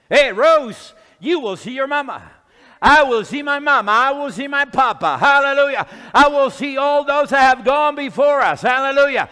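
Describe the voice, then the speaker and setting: A man's voice: very high voice, lively intonation, moderate pace, bright, forceful tone. A man preaching a fervent sermon and reading scripture aloud in a church hall. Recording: long hall reverb.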